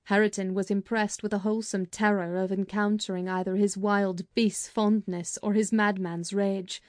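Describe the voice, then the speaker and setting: Telling the story in an even, measured way, a woman narrates a scripted audiobook at medium pitch. The recording is dry and the studio sound clean.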